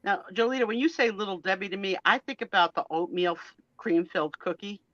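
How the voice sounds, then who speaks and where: A woman's voice: mid-range voice, brisk, no echo, dull audio. A woman hosting a live sale stream in casual chat, enthusiastic, gushing and teasing.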